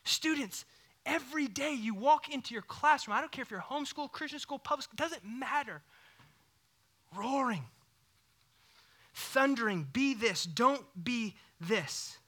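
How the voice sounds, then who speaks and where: A man in his thirties preaching a sermon, animated, swinging between loud bursts and hushed whispers. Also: very high voice, normal speed, pauses often. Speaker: pastor.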